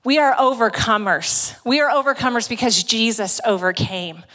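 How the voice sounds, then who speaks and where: A woman's voice: on the high side, normal speed, a bit bright. A woman giving a sermon to a women's gathering, conversational and emphatic as she retells scripture. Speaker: women's ministry speaker. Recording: long reverb in a large hall.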